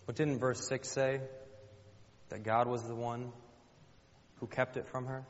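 A male pastor preaches in an easy, conversational manner and keeps turning to the congregation with questions. His voice sits at an ordinary middle pitch. The sound is dull and slightly muffled, with a long reverb hanging in a large church hall. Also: level tone, unhurried, pauses often. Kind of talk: sermon.

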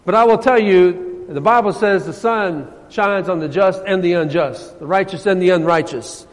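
High-voiced preacher man in a reverberant hall. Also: moderate pace. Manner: swings between loud emphasis and soft, hushed passages. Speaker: pastor. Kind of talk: sermon.

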